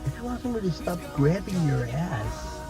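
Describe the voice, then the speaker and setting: Lively, expressive male co-host. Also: high voice, a little fast, over music. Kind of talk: casual talk show chat.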